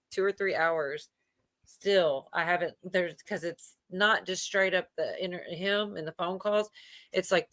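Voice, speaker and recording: On a late-night livestream, a woman host chats casually, wandering between points with plenty of ums and likes and frequent laughter. Her voice is a bit low with a fairly bright tone, recorded close and dry with no room sound.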